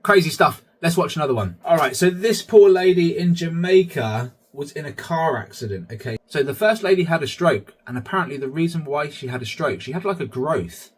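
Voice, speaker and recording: A man's voice: fairly high pitch, expressive, brisk, few pauses, breathy edge. A man hosting his own vlog, chatty commentary that keeps addressing viewers as guys. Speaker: channel host.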